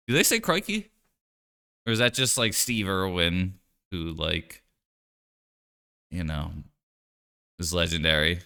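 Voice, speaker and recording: Low, unhurried male streamer, rambling jokily. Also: expressive, vocal fry, sharp tone, clear, resonant tone. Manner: rambling and joking, lots of "like" and "you know". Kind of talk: casual live-stream chat while playing a card game.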